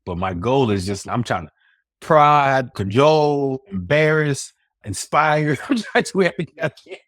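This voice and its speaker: Husky, low-voiced man chatting on a podcast. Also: very animated, fast talker, no echo, clean studio sound. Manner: reflective, rambling, laughs often. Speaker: podcast co-host. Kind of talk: casual podcast chat.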